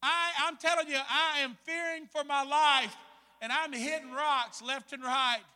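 A man preaching a sermon, telling a story with dramatic swings between hushed and loud delivery. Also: extremely high pitch, fairly even intonation, measured pace, big-room sound. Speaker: pastor.

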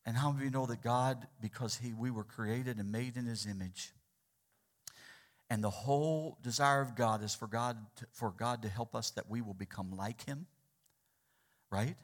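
A man preaching a sermon as pastor, asking the congregation for responses and swinging between loud, urgent lines and hushed ones. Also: mid-range voice, measured pace, pauses often.

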